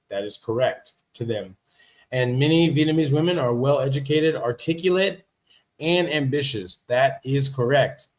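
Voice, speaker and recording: A man hosting a casual livestream, talking in a chatty, emphatic way, repeating his points and reacting to notes he reads aloud. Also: mid-range voice. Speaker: livestream host. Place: living in Vietnam.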